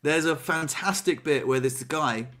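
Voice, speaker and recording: A man chatting casually, spinning an animated tale and slipping into the voices of the people in it. His voice sits a little high for a man. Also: a little slow. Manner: animated storyteller, acts out quotes, laughs. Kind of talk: casual chat.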